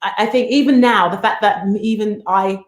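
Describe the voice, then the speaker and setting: A woman's voice: medium pitch, a little fast. A woman co-hosting a podcast, chatting casually and animatedly with playful teasing. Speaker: podcast co-host. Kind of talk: casual chat. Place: home in the States. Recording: roomy echo.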